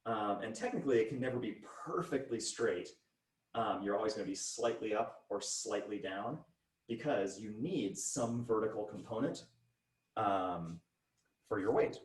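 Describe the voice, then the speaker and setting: A man's voice: fairly low pitch, normal speed, slightly rough. A man teaching a casual online physics lesson, chatty and demonstrating with his body as he explains. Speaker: high school physics teacher.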